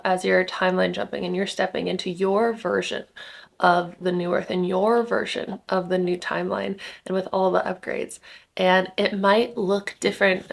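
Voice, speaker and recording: A woman's voice: mid-range voice, gravelly. A young woman in casual spiritual vlog talk, rambling with many fillers and small laughs, slightly congested from just waking up. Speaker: spiritual content creator. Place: rented home indoors.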